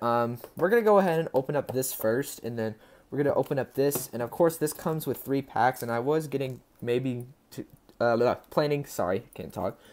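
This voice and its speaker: A man with a mid-range, slightly mellow voice hosts a casual unboxing video. Chatty and upbeat, he rambles to his viewers and stumbles over player names as he goes.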